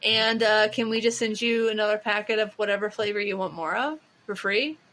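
A woman's voice: medium pitch, a little fast, a bit bright, slight background noise. A woman co-hosting a podcast in casual chat, rambling with frequent restarts and fillers. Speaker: podcast co-host.

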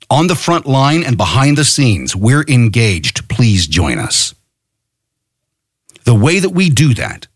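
A middle-aged American podcast host delivers a fiery, profane political monologue, rallying listeners to act. His voice sits at medium pitch, and the studio recording is clean with no echo.

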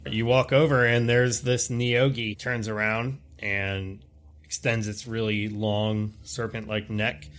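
A man's voice: on the low side, little pitch movement, slow pace, a bit bright. A man narrating as game master of a tabletop game, describing scenes in a loose, rambling way with many fillers.

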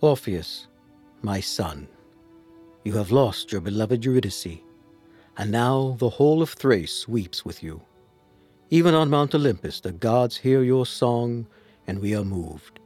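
An actor playing a divine father consoling his grieving son, solemn and soft-spoken. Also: mid-range voice, expressive, unhurried, husky, faint music behind. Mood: solemn comfort. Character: gentle divine father god, male, ageless, comforting. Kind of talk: storybook audio drama.

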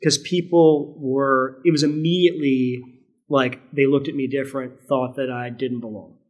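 A man's voice: mid-range voice, steady tone, normal speed, lo-fi sound. A middle-aged man from Virginia with a mostly standard American accent and a faint Southern trace, talking earnestly and reflectively as a podcast guest, often restarting and adding "right?". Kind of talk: conversational podcast interview.

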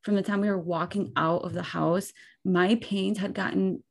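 A woman's voice: mid-range voice, moderate pace, creaky. A young woman co-hosting a podcast, chatting casually and animatedly with lots of "like". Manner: chatty and animated, heavy use of "like". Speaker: podcast co-host. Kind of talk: casual chat, storytelling.

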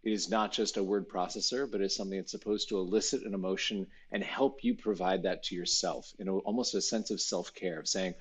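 A man with a very deep, husky voice speaks in a casual interview. His tone is relaxed and self-deprecating as he describes his work. He sounds easygoing and conversational. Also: brisk, hardly any pauses.

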